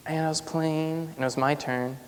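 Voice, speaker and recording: A man's voice: a little high, fairly even intonation, moderate pace. Young man telling a story in a hall. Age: young adult. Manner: casual storytelling with many "like" fillers. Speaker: student speaker. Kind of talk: personal story talk. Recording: long hall reverb, faint noise.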